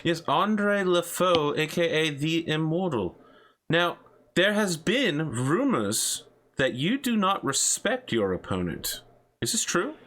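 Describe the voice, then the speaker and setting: A man's voice: on the high side, big pitch swings, takes it slowly, a bit bright, voice pushed up, full character voice. A man playing a showy arena talk-show host.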